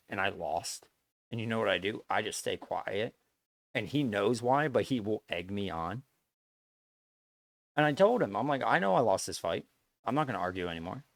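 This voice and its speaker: A man's voice: fairly low pitch, no echo. A man streaming live, talking bluntly to his viewers in a lecturing way, swearing and repeating himself as he makes his point. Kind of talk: casual stream chat to viewers.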